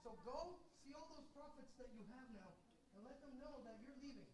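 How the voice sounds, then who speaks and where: A woman playing the prophet Elijah, an older man with a zealous, fiery temper, telling his story to children in a chatty way that swings from hushed to loud. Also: high voice, lively intonation, a little fast, roomy sound. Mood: passionate. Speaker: costumed Bible character for children. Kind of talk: children's Bible story role-play.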